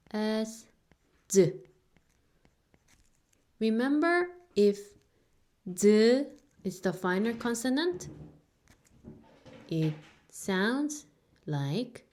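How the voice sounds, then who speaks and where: A woman's voice: mid-range voice, big pitch swings, drawn-out words, pauses often, a little mellow. A woman teaching a beginner language lesson, a native Korean speaker who patiently repeats each sound several times for learners.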